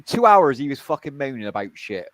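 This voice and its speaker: A man's voice: medium pitch, big pitch swings, a little fast, fairly bright tone, no room sound. Casting: man, casual online chat, blunt and profane, dry close sound. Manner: blunt, swears a lot, repeats himself. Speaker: streamer.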